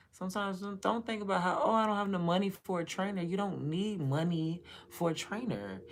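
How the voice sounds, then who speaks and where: A young woman talks on her livestream in a low, deep voice. Her voice has a gravelly fry. She rambles in a blunt, profane, casual way. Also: noisy background. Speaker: livestream host.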